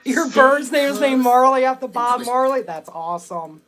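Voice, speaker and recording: A woman hosting a live stream, talking out loud to spirits and greeting her viewers. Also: high-pitched, moderate pace, soft background music. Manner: excitable, talks out loud to spirits. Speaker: livestream ghost hunter.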